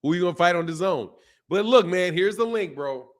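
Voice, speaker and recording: Animated man hosting a boxing live stream. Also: sits high, fast talker. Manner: animated, talkative, reads chat names aloud. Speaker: boxing channel host. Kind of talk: casual live-stream chat.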